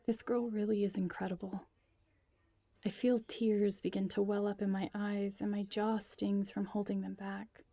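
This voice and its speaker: Gravelly woman reading a story intimately. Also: medium pitch, little pitch movement, normal speed, dark tone, no room sound. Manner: intimate, often near a whisper. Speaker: narrator. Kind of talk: first-person story reading.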